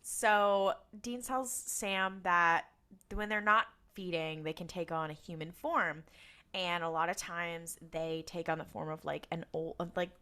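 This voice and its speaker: A woman's voice: fairly low pitch, steady tone, measured pace, sharp tone, clean tone. A woman co-hosting a casual recap podcast, telling the story with lots of energy, acting out lines and laughing often. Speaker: podcast co-host.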